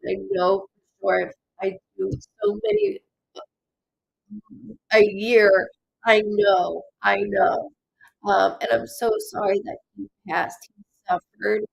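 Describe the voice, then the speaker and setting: Gravelly, husky woman doing a psychic reading. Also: medium pitch, dry recording, highs cut off. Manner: animated, rambling, many fillers and restarts. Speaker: psychic medium. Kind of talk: live-streamed psychic reading.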